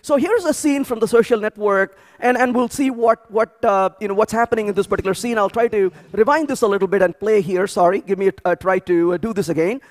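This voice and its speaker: A man speaking at a programming conference, telling animated stories with frequent restarts and repeated words. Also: high voice, quick pace, few pauses. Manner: animated storytelling with many restarts. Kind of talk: energetic tech conference talk. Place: large conference hall.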